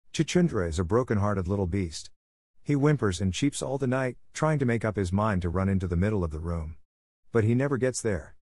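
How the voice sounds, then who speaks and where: A man reads a classic story aloud in a steady, clear manner. His voice sits low. The recording is dry and close, with no room sound. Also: no room sound. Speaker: narrator. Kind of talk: storybook narration for English learners.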